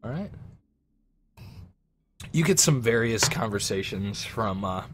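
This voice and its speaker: A man's voice: fairly low pitch, lively intonation, slow, background noise. A man running a tabletop role-playing game, describing scenes loosely with many fillers. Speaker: game master.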